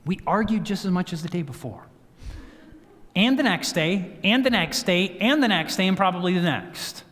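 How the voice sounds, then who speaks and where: A guest speaker delivers a sermon-style health talk in a church sanctuary, where the hall's reverb carries his high voice. He tells a story animatedly at a normal speed, acting out what people said.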